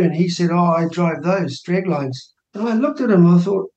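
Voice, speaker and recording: A man in his sixties with a New Zealand accent, telling personal stories as a guest and acting out quoted dialogue in a lively voice. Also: sits high, a little fast, lo-fi sound. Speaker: interview guest, minor party co-leader. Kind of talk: animated personal storytelling. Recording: roomy studio echo.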